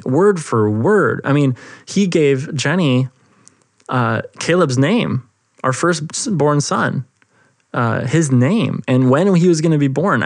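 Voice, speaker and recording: An earnest young man hosts a faith podcast from home, telling a personal story with plenty of fillers and restarts. His voice sits at a middle pitch and is recorded close and dry, with no room sound. He keeps an eager, enthusiastic tone throughout. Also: no room sound. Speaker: podcast host. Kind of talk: casual faith podcast testimony.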